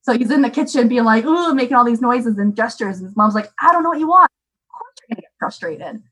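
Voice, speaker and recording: A young woman talking casually as a parent, chatty and animated with many fillers. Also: fairly high pitch, fairly quick, husky, poor audio. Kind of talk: casual chat.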